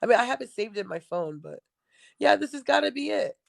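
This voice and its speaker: A woman's voice: fairly high pitch, sing-song, brisk, vocal fry. A young woman hosting her own show, reading news headlines aloud and reacting with blunt, sarcastic remarks and frequent laughs. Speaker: show host.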